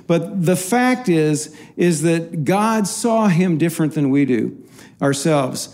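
A man's voice: high voice, lively intonation, a little slow, a little mellow. A man co-hosting a faith talk, earnestly explaining a Bible story in a casual teaching style.

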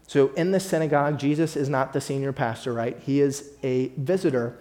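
A man's voice: medium pitch, steady tone, fairly quick, a little mellow. A man as pastor, preaching a sermon and speaking directly to his congregation with rising emphasis.

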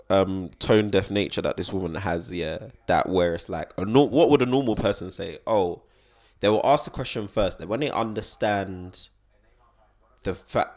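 A young man talking earnestly in a casual chat, often restarting and checking in with listeners. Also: fairly low pitch. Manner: earnest, restarts often, keeps asking "do you know what I mean".

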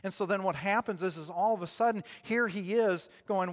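A man preaching to his congregation in a casual, storytelling manner, stopping to ask them questions. His voice sits a little higher than most men's. The sound carries a long church reverb. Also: fairly quick. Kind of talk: sermon.

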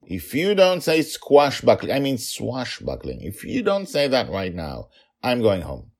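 A man voicing a hot-tempered pirate father who gets loud and insistent with his stubborn daughter in a fantasy audio story. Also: medium pitch, huge pitch swings, measured pace, voice pushed up, heavily acted. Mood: fuming.

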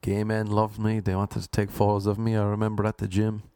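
A young man from Cork with an Irish accent, telling stories in a deadpan stand-up comedy set. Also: on the low side, fairly quick, clear, resonant tone, dry recording, studio quality. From Ireland. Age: 20s.

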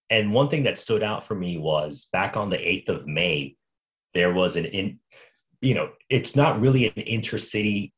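A man hosting a casual sports podcast, telling stories in an animated, quick way with frequent restarts. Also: low voice. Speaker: podcast host.

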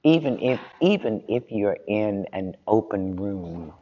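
Guy on a panel talking real slow and easy, kinda dull muffled recording. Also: lowish voice, lively intonation, dark tone, long reverb tail. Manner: unhurried, conversational, chuckles while telling stories. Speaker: panel speaker. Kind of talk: relaxed storytelling advice.

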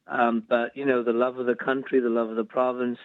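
Flat-voiced man on a phone line. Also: medium pitch, dry recording. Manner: measured, deliberate with pauses. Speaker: former cabinet minister guest. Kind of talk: phone-in interview. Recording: tinny dry phone line.

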